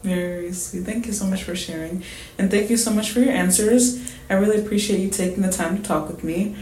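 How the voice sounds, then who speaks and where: A male interviewer with a high voice, polite and formal, reading through his request carefully. The room is echoey with a faint hiss behind him. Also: a little fast, darkish tone. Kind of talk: scripted interview questions.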